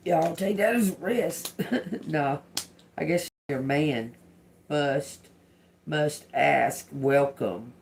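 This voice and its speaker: A man hosting a live psychic reading, slowly and haltingly repeating single words aloud as he interprets them. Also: a little high, gravelly, darkish tone, a little hiss or hum. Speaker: livestream psychic reader. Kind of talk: live spirit-box and card reading.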